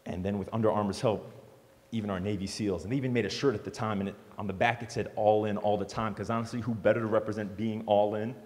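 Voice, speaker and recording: A man giving a storytelling speech to an audience as a motivational speaker, animated and joking. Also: lowish voice, quick pace, few pauses. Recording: long hall reverb.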